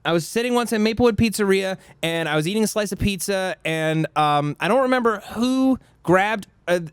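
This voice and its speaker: Male podcast co-host, slightly high, smooth voice, animated and jokey. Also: fairly quick, no room sound. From United States. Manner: animated, jokey, mock-outraged. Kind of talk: casual chat.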